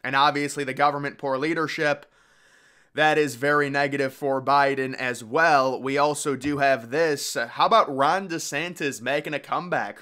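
Bright, crisp-voiced man commentating. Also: on the high side. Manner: opinionated, sarcastic, mocking impressions. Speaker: political commentator. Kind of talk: casual political commentary.

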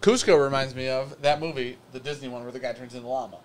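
A man's voice: medium pitch, fairly even intonation, fast talker. A man co-hosting a live whiskey show, chatting casually in a loose, joking, rambling way. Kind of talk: casual live-stream chat.

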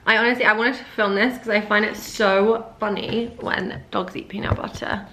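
A woman's voice: medium pitch, fairly even intonation, normal speed, noisy background. A young woman chatting casually to the camera at home for her fashion vlog, gushing and filling her sentences with "like". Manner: chatty, says "like" often, gushing. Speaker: fashion vlogger. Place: at home indoors.

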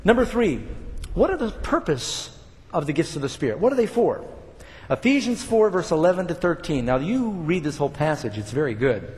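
A man's voice: on the high side, lively intonation, a little fast, a little mellow, big-room sound. An older man preaching a sermon, talking casually to the congregation and building up emphatic points. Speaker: pastor.

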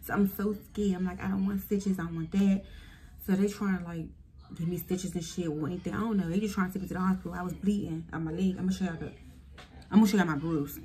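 A young woman tells a personal story in a casual vlog, talking straight to her viewers. Her voice sits a little low, and she is animated and swears freely. A faint hum of ambience runs under the recording. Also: fast talker. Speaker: vlogger.

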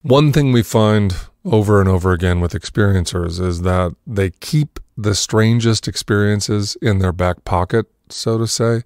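A man hosting a podcast, speaking in a measured, reflective way. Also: fairly low pitch, a little mellow, dry recording, clean studio sound. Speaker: podcast host. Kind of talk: reflective conversation.

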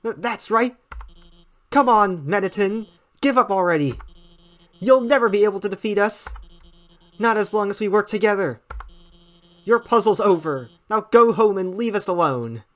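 Man voices nervous female lizard scientist, pitched up, stammering, eager, animated. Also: normal speed, pauses often.

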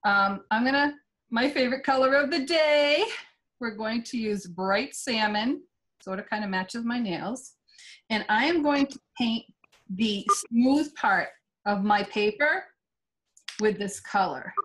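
A woman's voice: on the high side, measured pace, a bit bright, low-quality recording. A woman art instructor chatting her way through a live painting demonstration, digressing freely.

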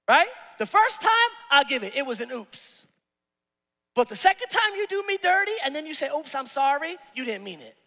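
A male pastor preaches with a high, bright voice that swings widely in pitch. He is animated and joking, slipping into streetwise slang. The sound carries a long reverb from the church hall. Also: moderate pace, vocal fry. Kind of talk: sermon.

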